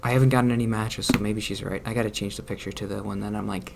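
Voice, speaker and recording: Awkward young guy vlogging at home, low gravelly voice, bit of hiss behind. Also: fairly even intonation, fast talker, few pauses. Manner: awkward, self-deprecating, mumbly with soft laughs. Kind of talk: casual chat.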